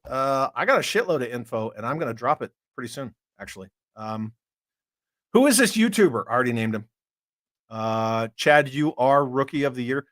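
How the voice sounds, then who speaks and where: Reading viewer comments on his toy collecting stream, a man who served in the army jokes, swears and chats in a relaxed way. The studio-quality recording has no room sound, and his medium-pitched voice has a fairly bright tone.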